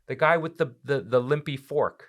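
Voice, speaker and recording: A man's voice: medium pitch, moderate pace. A man in his thirties, a chef hosting a podcast, chatting casually with a teasing, upbeat manner. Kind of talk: casual chat.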